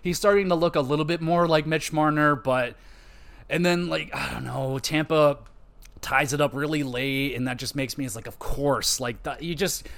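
A man's voice: mid-range voice, fairly bright tone. A man hosting a hockey podcast, ranting casually with frequent swearing, fillers and restarts. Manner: frustrated, profane, rambling with fillers. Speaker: podcast host.

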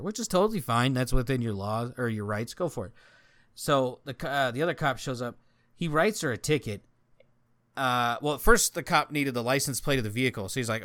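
A man in casual conversation, retelling something with lots of swearing and rising energy. His voice sits at an ordinary middle pitch. The sound is dry and close, with no room echo. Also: fairly quick. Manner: profane, animated storytelling. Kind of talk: casual chat.

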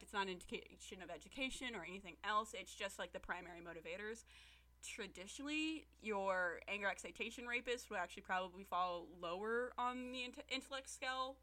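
A woman co-hosting a podcast chats casually as she recaps a TV episode, telling it in an animated, profane way and acting out the characters' lines. Her pitch sits in the medium range.

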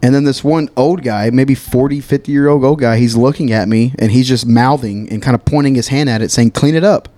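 A young man co-hosting a podcast, telling a story in casual chat. He is animated, swears freely and laughs along as he talks. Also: medium pitch, brisk, hardly any pauses, dry recording. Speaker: podcast co-host.

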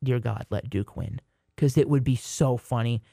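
A young man co-hosting a casual sports podcast, joking and rambling with quick restarts. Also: mid-range voice, gravelly, mellow, dry recording, clean studio sound. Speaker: podcast co-host.

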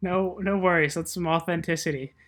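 A man co-hosting a casual sports chat, measured and quick to laugh. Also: a little high, fairly even intonation, a bit bright. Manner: measured, chatty, laughs easily. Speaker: podcast co-host.

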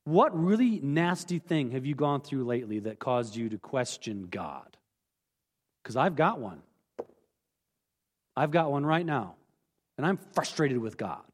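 Earnest preacher with wide-swinging pitch. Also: male voice, lively intonation, a little slow, pauses often, big-room sound. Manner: earnest, candid, emphatic, with sudden drops to quiet. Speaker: pastor. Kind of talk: sermon. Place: church sanctuary.

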